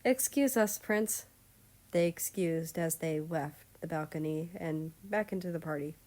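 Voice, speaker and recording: A woman reading a fan story aloud in calm, measured narration. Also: sits low. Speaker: story reader.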